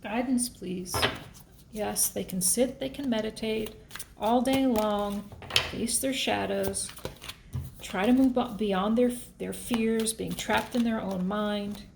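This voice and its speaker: A woman's voice: medium pitch, slow pace, creaky, background noise. A woman giving a casual, emotional tarot reading, thinking aloud as she shuffles and pulls cards. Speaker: tarot reader.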